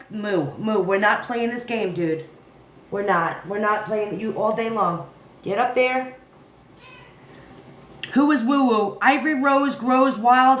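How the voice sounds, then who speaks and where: Her voice is fairly high and a bit bright as this weary livestream commentary host rambles on, laughing frequently and talking to her viewers and her cat. Faint noise and echo from the room come through in the recording.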